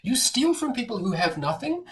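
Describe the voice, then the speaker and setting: A middle-aged man, a historian, explaining in an animated lecture-style way as an interview guest. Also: very high-pitched, normal speed, slight background noise. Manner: animated, acts out quoted voices.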